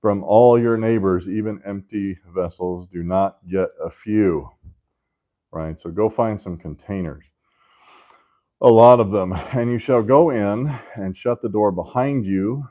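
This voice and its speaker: Deep-voiced man teaching Bible class. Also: warm tone. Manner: conversational, often checks in with "right?"; joking asides to the class. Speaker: Sunday school teacher.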